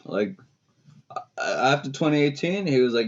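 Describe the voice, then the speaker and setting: A man's voice: mid-range voice, lively intonation. A young man co-hosting a podcast, playful and teasing in casual music chat. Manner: playful, teasing, quick laughs. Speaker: podcast co-host. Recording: dull lo-fi mic.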